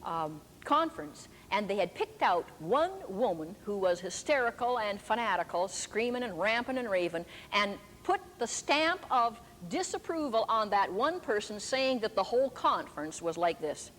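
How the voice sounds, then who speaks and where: A woman's voice: medium pitch, big pitch swings, normal speed, hardly any pauses, a bit bright. Older woman preaching in an echoey hall. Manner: emphatic storytelling. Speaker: preacher and teacher. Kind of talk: sermon. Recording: echoey hall with faint background noise.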